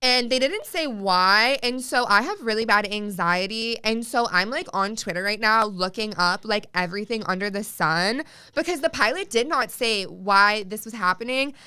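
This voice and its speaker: A woman's voice: medium pitch, normal speed, few pauses, bright, forceful tone, smooth. A young woman from the Chicago area hosting a podcast, telling a story in casual, chatty talk full of "like" and swearing. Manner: chatty, swears freely, heavy use of "like". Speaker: podcast host.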